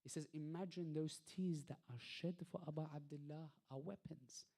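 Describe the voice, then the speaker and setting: A male lecturer delivering a religious talk, posing rhetorical questions and swinging between soft passages and emphatic peaks. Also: a little high, steady tone, normal speed. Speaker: lecturer at an Islamic centre.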